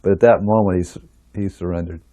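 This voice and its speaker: A man's voice: sits low, fast talker. A man recalling memories of his spiritual teacher as a storyteller, sometimes acting out the people in his anecdotes. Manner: animated, acts out quoted voices, laughs while telling. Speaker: disciple sharing memories. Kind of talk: storytelling reminiscence.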